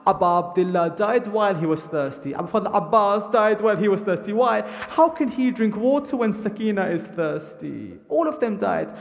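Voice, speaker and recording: Man, very high voice, emotional sermon, anguished cries and low murmurs, long hall reverb. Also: animated, normal speed, creaky, few pauses. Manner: grieving, rises to cries and falls to murmurs. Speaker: speaker at a mourning gathering.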